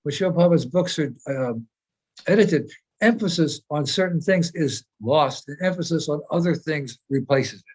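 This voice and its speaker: Man with a higher-than-usual voice, a spiritual teacher explaining earnestly in an informal meeting. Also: animated, normal speed, slightly rough. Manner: earnest, explanatory, repeats phrases while searching for words.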